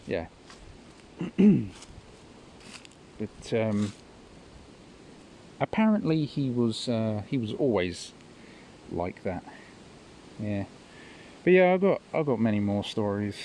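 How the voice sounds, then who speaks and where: A man's voice: lowish voice, a little mellow, slight background noise, low-quality recording. A man hosting a podcast, telling stories in a rambling, casual monologue and chuckling at his own tales. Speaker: podcast host.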